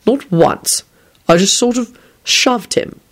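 A woman's voice: medium pitch, slow pace, voice pushed up. A woman voicing a cheerful, self-righteous man with a violent streak who talks matter-of-factly. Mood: blithe. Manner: casual and matter-of-fact.

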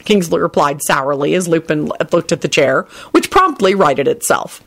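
A woman reading a fan story aloud with expressive, brisk storytelling. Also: low-pitched, gravelly. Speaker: reader.

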